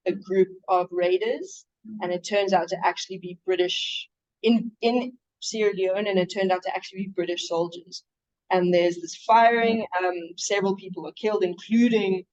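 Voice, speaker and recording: A woman historian answers questions at an academic seminar Q&A in a chatty manner, restarting often and laughing now and then. Her voice is lowish and a little mellow, captured with dull lo-fi sound.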